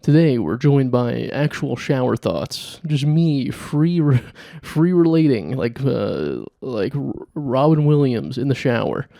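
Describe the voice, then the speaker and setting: Gravelly-voiced man rambling on a podcast. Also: medium pitch, slow, few pauses, dry recording, studio quality. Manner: rambling, deadpan, laughs at own jokes. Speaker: podcast host. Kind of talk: solo comedy podcast monologue.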